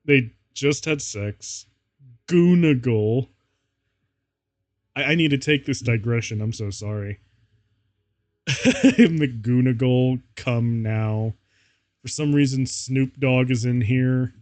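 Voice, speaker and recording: A male streamer reads fan fiction aloud at an unhurried pace, breaking into laughter again and again. His voice is mid-pitched and sits close and dry, with no room sound around it. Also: no room sound. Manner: amused, laughs often while reading.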